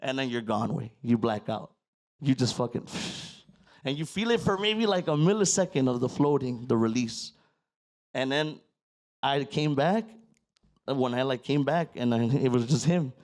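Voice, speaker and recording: A man's voice: medium pitch, expressive, moderate pace, darkish tone. A man telling a long story on a podcast in a loose, profane way, slipping into Spanish. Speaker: podcast guest. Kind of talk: casual storytelling.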